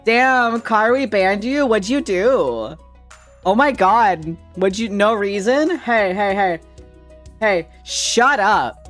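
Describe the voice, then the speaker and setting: A man's voice: high voice, lively intonation, slow pace, a bit bright, faint music behind. A man streaming live, chatting casually with viewers in a rambling way, laughing often and swearing freely.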